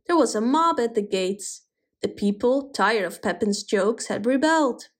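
A woman reading a fairy tale aloud in an expressive, animated way. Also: on the high side, a little slow. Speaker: storyteller. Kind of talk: storybook reading.

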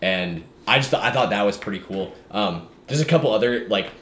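A man's voice: lowish voice, lively intonation, a little fast, fairly bright tone. A man co-hosting a podcast in casual chat, rambling and filling his talk with "like". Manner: rambling, full of "like" fillers. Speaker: podcast co-host. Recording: echoey room, faint background hum.

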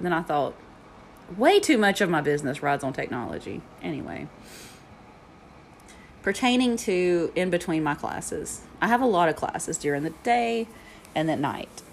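A woman's voice: lowish voice, expressive, moderate pace, creaky, slight background noise. A woman who teaches yoga and meditation, hosting her own podcast from home and telling rambling stories with frequent laughs. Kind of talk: casual solo podcast chat. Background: heater rattling.

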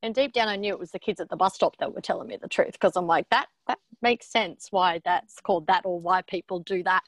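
A woman's voice: fairly low pitch, brisk, few pauses, no echo. A woman guest on a podcast telling frank personal stories in casual chat, saying her throat is a bit sore. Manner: frank, animated storyteller.

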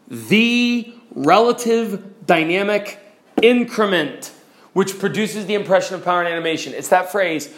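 A man with a high voice teaches a class on preaching. He is middle-aged and speaks demonstratively, acting out examples as he goes. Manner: demonstrative, mimics examples, varies loudness for effect. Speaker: preaching instructor. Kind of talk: lecture on preaching delivery.

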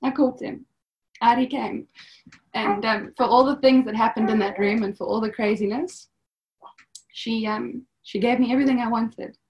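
A woman's voice: on the high side, steady tone, normal speed, muffled recording. A young woman telling her own story as a podcast guest, chatty, with many fillers and bits of quoted dialogue. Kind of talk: personal storytelling.

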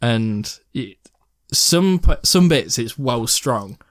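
A man's voice: medium pitch, lively intonation, slow, no echo, clean studio sound. A young man chatting casually about films as a podcast co-host, rambling and swearing, laughing often. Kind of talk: casual film chat.

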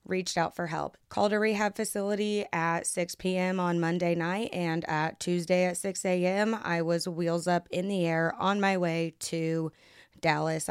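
On her podcast, a young American woman from Kansas shares her own story in a casual monologue, speaking briskly, candidly and bluntly. She swears freely and acts out other people's lines in a low, smooth voice. A close mic keeps the sound completely dry, with no room sound.

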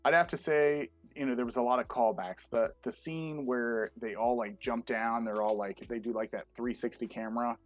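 A man co-hosting a casual podcast chat, an excitable fanboy who leans on fillers. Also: mid-range voice, normal speed, few pauses, no echo, soft background music. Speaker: podcast co-host. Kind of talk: casual chat reviewing a show.

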